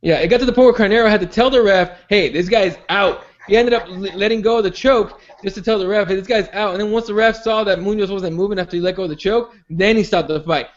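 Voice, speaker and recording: A man with a noticeably high voice hosts a casual podcast chat. He rambles, repeats words and restarts his sentences, and the recording sounds dull and lo-fi. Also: quick pace, few pauses. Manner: rambling, many restarts and fillers. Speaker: podcast host.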